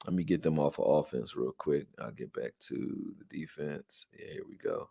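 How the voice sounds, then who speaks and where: A man with a somewhat low voice talks through game clips for his channel in a loose, slangy way, full of fillers and restarts. He sounds tired and yawns, yet keeps up a casual running commentary. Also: normal speed, vocal fry, few pauses. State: tired, yawning. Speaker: sports channel host breaking down game film. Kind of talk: casual live film breakdown.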